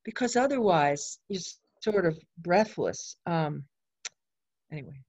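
A woman's voice: lowish voice, lively intonation, unhurried, a little mellow. A woman in a casual church discussion, reflective and thoughtful, heard on muffled lo-fi video call audio.

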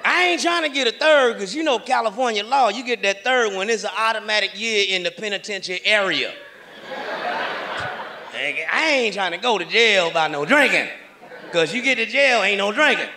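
A middle-aged man doing a brash, profane stand-up comedy set on a live stage, speaking into a handheld mic with loud punchlines. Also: high-pitched, expressive, normal speed. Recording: live show with crowd and noise.

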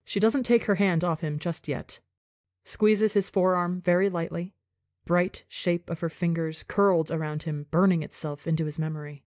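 Woman, podcast narrator, lowish voice, dry close sound, expressive fiction reading. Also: normal speed, dry recording. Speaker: fan fiction podcast reader. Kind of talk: scripted narration.

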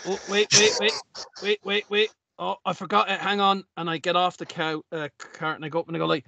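A man excitedly describing his dwarf's actions in a tabletop game, stumbling over words. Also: sits high, a little fast, vocal fry, muffled recording. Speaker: player. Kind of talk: tabletop role-play.

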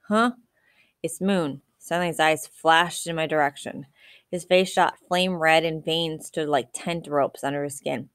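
A woman reading a novel aloud in a steady, even storytelling manner. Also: deep voice, moderate pace, clear, resonant tone, dry recording, studio quality. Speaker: audiobook reader.

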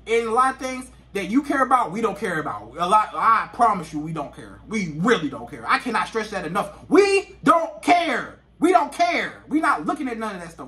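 Brief: male relationship vlogger, bright and high, emphatic and repetitive. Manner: emphatic, repeats points. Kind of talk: casual advice monologue to camera.

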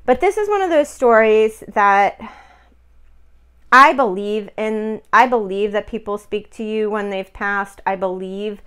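Middle-aged woman, smooth clear voice, rambly emotional storytelling at home, lots of um and like. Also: mid-range voice, a little slow, a bit bright. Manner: emotional, chatty, many fillers and quoted dialogue. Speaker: spiritual healer telling a personal story. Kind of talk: casual personal storytelling.

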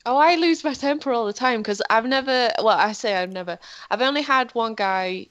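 A woman's voice: a little high, fairly quick, a bit bright, dry recording. A young woman co-hosting a podcast in casual chat, talking bluntly, with many fillers and freely swearing. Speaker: podcast co-host.

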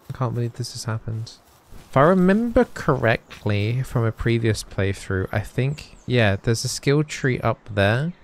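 A man's voice: medium pitch, slight background noise. A man giving chatty, playful let's-play commentary with mock-solemn asides. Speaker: gaming YouTuber.

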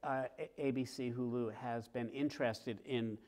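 A middle-aged author talking with a host before a live theater audience, telling stories in a lively way and acting out scenes. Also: male voice, medium pitch, normal speed. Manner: lively, acts out scenes with sounds and quoted voices. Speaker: author guest. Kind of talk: animated storytelling in conversation.

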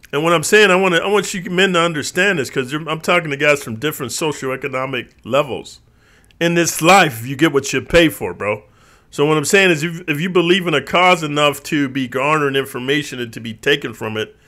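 Bright-voiced man ranting profanely. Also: on the high side. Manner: profane, streetwise, says bro a lot; lively, mimics others in quoted voices. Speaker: channel host. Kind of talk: ranting monologue to viewers.

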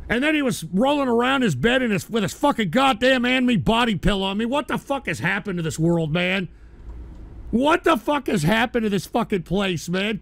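High, gravelly, foul-mouthed streamer man. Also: a little fast. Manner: crude, excitable, cursing. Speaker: streamer host. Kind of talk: live-stream reaction commentary.

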